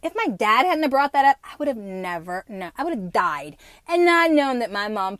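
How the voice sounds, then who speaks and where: A woman in her fifties hosts a solo podcast chat, swearing freely and telling stories with lots of laughter. Her voice sits a little high and swoops up and down a lot. The sound is dry and close. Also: normal speed, no room sound. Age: 50s. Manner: profane, animated storytelling with laughs. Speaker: podcast host.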